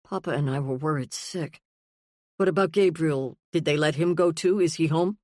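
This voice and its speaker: A woman's voice: deep voice, normal speed, a little mellow, no room sound, natural voice. Frantic relieved dad read by a woman, urgent questions, dry close audiobook sound. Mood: worried. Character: frantic, relieved middle-aged father.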